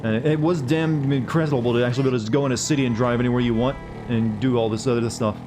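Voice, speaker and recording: American man, casual game commentary, mid-pitched, game music behind. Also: rapid-fire. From United States. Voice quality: relaxed, chatty, swears casually. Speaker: streamer.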